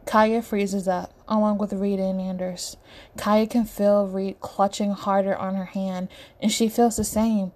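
Female audiobook narrator, mellow and steady. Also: mid-range voice, unhurried. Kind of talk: storybook narration.

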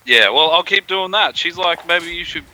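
A man's voice: fairly high pitch, expressive, moderate pace, pushed and bright, rough recording. A man from Australia, calling in with a rambling, laid-back manner. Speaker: caller. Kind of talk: casual call-in chat.

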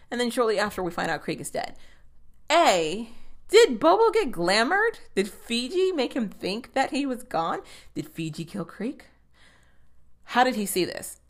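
A young woman recaps a TV episode in a casual, chatty way. Her pitch swings all over the place as she talks. She swears freely and keeps popping into quick voices for the characters. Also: a bit bright.

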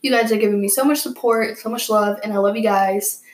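A young woman, a podcast host, telling a rambling story in casual chat, animated and swearing freely. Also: medium pitch, fairly quick, roomy sound, low-quality recording.

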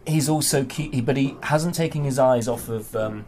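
A man's voice: medium pitch, moderate pace, a little mellow. A man narrating as game master, hesitant and full of restarts. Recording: noisy home recording.

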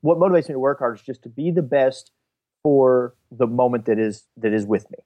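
Man, podcast co-host, earnest and reflective, casual chat, mid-pitched voice. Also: fairly even intonation, a little fast, phone-quality sound.

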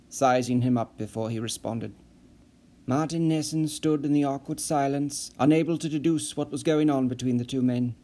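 A man reading an unabridged audiobook novel, narrating in a measured, even way. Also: fairly high pitch. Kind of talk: scripted narration.

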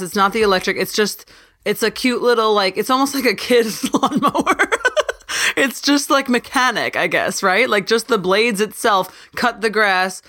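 A young woman hosting a casual solo podcast, ranting in an animated, self-interrupting way. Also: medium pitch. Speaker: podcast host.

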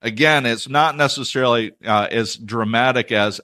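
A man's voice: medium pitch, normal speed, hardly any pauses, sharp tone. A man preaching a sermon, reading scripture aloud and breaking off into conversational, self-deprecating asides. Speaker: pastor.

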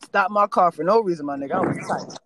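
A young man, telling a story in a casual podcast chat, animated, swearing freely and laughing often. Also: high-pitched, fast talker, noisy background. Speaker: podcast co-host.

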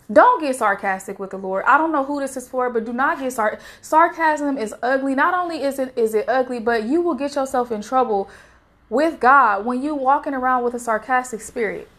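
A woman with a fairly high voice gives a casual devotional talk to her viewers. She speaks earnestly and urges them on the way a preacher would. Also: moderate pace. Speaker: faith vlogger sharing a devotional message.

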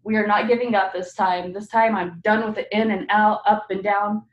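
A woman's voice: medium pitch, fairly even intonation, moderate pace, muffled recording. Woman guest, earnest and emphatic, confessional, roomy echo. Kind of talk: casual chat. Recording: echoey room.

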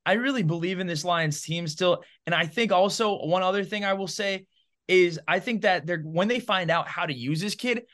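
A man's voice: high-pitched, moderate pace. A man co-hosting a sports podcast, giving opinionated football takes in casual chat full of fillers. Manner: animated, opinionated, heavy on fillers like "bro" and "man". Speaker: podcast co-host.

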